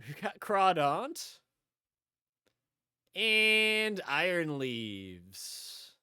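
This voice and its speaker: A man's voice: high voice, sing-song, drawn-out words, bright, forceful tone, smooth, no echo, studio quality. A man streaming live, chatting casually and rambling as he talks to viewers, repeating himself often. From upstate New York.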